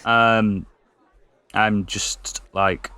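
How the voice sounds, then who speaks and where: A man's voice: on the low side, flat delivery, very slow, bright, forceful tone, clean tone, no room sound. A man playing in a tabletop game, describing his moves with stammers and hesitations. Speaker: player. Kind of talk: casual game talk.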